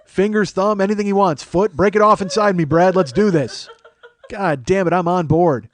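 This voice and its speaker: A man's voice: high voice, moderate pace. Rambling crude male podcast host. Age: 40s. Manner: rambling, self-mocking, crude. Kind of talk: casual comedy podcast chat.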